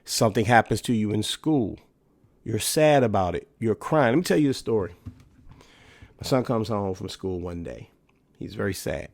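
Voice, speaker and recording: A man's voice: lowish voice, expressive, normal speed, darkish tone, dry recording. A man in his thirties hosting a solo podcast, talking casually and emphatically and asking rhetorical questions. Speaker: podcast host.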